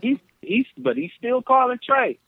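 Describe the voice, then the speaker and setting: A man from Flint, Michigan, telling stories as a podcast guest over the phone, animated and acting out the people in them. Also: very high-pitched, unhurried, vocal fry, breathy edge, dry recording. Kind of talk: casual storytelling on a podcast. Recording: tinny phone line.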